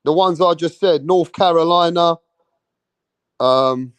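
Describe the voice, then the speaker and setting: A man's voice: a little high, takes it slowly, clear, resonant tone, no room sound. A man chatting loosely on a livestream, rambling and swearing as he reads viewer comments. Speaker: livestream host. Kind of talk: casual livestream chat reading viewer comments.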